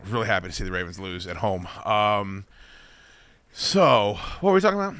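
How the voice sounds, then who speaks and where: A man hosting a podcast tells stories in a loose, casual way. He curses freely and mocks the people he talks about. His bright, higher voice rises and falls a lot as he gets worked up. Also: animated, a little fast, dry recording. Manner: profane, ranting, mocking storyteller. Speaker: podcast host. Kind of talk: casual chat.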